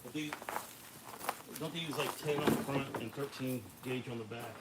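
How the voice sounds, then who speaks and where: A man rambles good-naturedly while filming an e-bike review outside. His voice sits at a middle pitch, picked up from a little way off over steady outdoor noise. He often restarts sentences and jokes with his helper. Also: moderate pace, far from the mic. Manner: joking, rambling, restarts lines.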